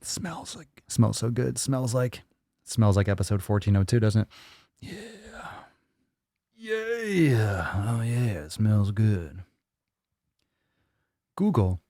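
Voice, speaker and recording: A fitness podcast host with a warm, low-ish voice speaks a little slowly, pausing often, during a live Q&A. He jokes crudely while reading viewer comments and parodies the voices of others. The studio-microphone audio is echo-free and studio quality.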